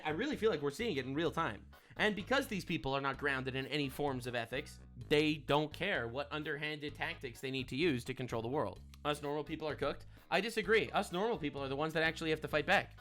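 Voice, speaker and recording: A man's voice: on the high side, sharp tone. A man hosting a commentary show, ranting emphatically and tagging his points with "all right?". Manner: emphatic, preachy, keeps adding "all right?". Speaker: commentary host. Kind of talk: reaction commentary rant.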